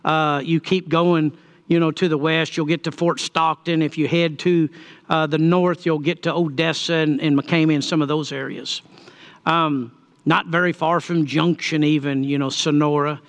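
A man's voice: fairly high pitch, flat delivery, moderate pace. A middle-aged man preaching a sermon, telling a story in a folksy way and building to emphatic points. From Texas. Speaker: pastor.

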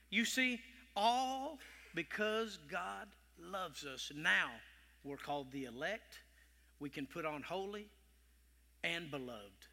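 A male preacher delivering an animated sermon, dropping to whispers and rising to loud calls. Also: on the high side, slow, gravelly. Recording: long hall reverb.

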